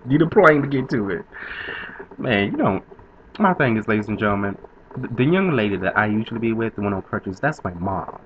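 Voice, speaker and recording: A man's voice: lowish voice, huge pitch swings, normal speed, long pauses, muffled recording, noisy background. A man in his twenties telling a story to camera in a chatty, sassy way, with frequent laughs. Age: 20s. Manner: chatty, sassy diva flair, laughs often. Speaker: vlogger.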